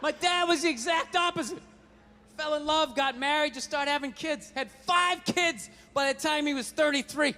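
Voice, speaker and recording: A man's voice: very high-pitched, normal speed, bright, forceful tone, big-room sound. A man doing a stand-up routine on a comedy stage, with a profane, ranting delivery into a handheld mic.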